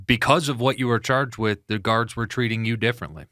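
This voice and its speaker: A man with a bright, forward voice who asks questions as an attorney interviewer. The sound is dry, with no room echo, and he steers the talk by recalling what the guest told him before. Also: mid-range voice, fairly quick. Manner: prompting, recalling the guest's stories. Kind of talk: conversational interview.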